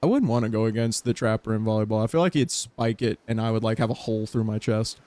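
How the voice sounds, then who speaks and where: A man streaming a dating game, reading its text aloud and reacting with playful laughs and sudden high-pitched bursts. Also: fast talker, warm tone, no room sound.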